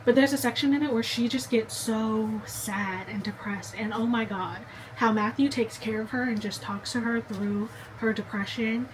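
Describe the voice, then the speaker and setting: A woman's voice: on the high side, normal speed, hardly any pauses, noisy background. Chatty young woman gushing about books. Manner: chatty and gushing, talks straight to the viewer. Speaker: book vlogger. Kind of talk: casual chat to camera.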